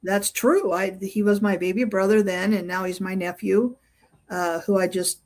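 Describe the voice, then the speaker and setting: A woman's voice: medium pitch, steady tone, normal speed, darkish tone. A middle-aged woman, a guest in an interview, telling a personal story in a casual, rambling way with many fillers and restarts.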